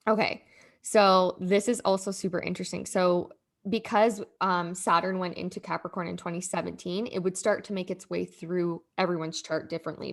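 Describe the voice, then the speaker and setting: A woman host with a voice a little low in pitch. She chats casually, hunting for words with "I guess" and "um" as she explains astrology to her guest. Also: gravelly. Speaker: podcast host. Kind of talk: casual conversation.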